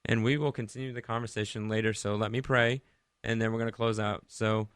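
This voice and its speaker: A man's voice: on the low side, fairly even intonation, a little fast, a bit bright, clean tone, dry recording, studio quality. A man from Rhode Island hosting a Christian radio show, talking conversationally, asking listeners many questions and leading a prayer. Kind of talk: devotional radio talk and prayer.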